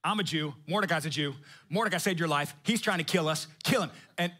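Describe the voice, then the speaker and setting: Man, pastor, sermon, energetic, conversational, slangy, humorous, higher voice. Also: quick pace.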